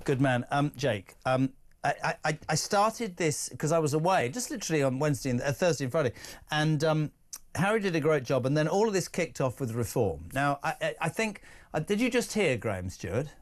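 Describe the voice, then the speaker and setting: Animated talk radio host in his sixties. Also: on the high side, brisk. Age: 60s. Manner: animated, incredulous, emphatic ranting with sarcastic asides. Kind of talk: live talk radio presenting. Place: broadcast studio.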